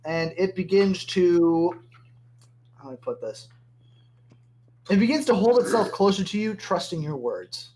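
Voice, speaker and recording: A man runs a tabletop game as its game master. He narrates casually, pausing and searching for his words, and he swears now and then. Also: sits high, lively intonation, warm tone. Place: home room with other players.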